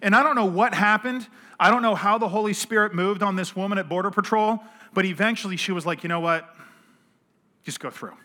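A man's voice: high voice, fast talker, sharp tone. A man in his thirties, a pastor telling a personal story to his congregation in a joking, self-deprecating, conversational way. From United States, partly raised in Australia. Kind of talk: sermon with humorous personal storytelling. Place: church, in front of a congregation.

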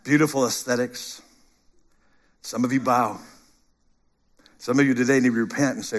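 A middle-aged man preaching a sermon, animated, dropping to a hush and rising to loud bursts. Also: mid-range voice, normal speed, pauses often. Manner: animated, shifts between hushed and shouted. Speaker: pastor.

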